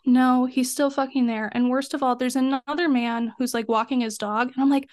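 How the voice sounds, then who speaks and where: A young adult woman with a high voice tells a story on a podcast, in lively casual chat. She swears freely and plays out both sides of the exchange herself. Her voice is recorded dry and close on the mic. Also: normal speed, few pauses, dry recording. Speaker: podcast co-host.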